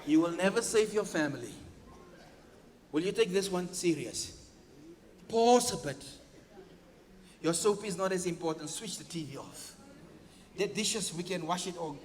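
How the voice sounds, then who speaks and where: Speaking animatedly at a measured pace and pausing often, a pastor with a very high, piping voice preaches a sermon in a large, reverberant church hall. He seeks the congregation's agreement through call-and-response and dramatizes everyday family scenes with playful voices and sound effects.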